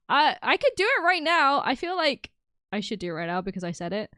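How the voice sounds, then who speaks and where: A woman's voice: high-pitched, sing-song, fast talker, a bit bright, smooth, no room sound, studio quality. A young woman streaming, chatting casually with her viewers, bubbly and giggly, often breaking into laughter. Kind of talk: casual chat with live chat.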